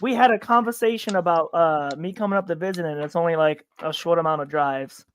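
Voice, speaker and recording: A man from upstate New York co-hosting a podcast in casual chat, rambling with many halting restarts. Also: a little high, a little hiss or hum. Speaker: podcast co-host.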